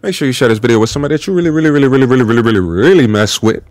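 A man hosting a reaction video, talking in a casual, slangy and animated way with laughing asides, on a close mic. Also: mid-range voice, very fast, no room sound. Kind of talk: casual commentary.

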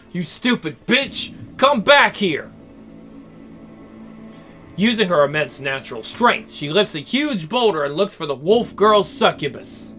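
A man's voice: fairly high pitch, fairly bright tone. A man reading a role-play story aloud, with jokey, chatty asides between the passages.

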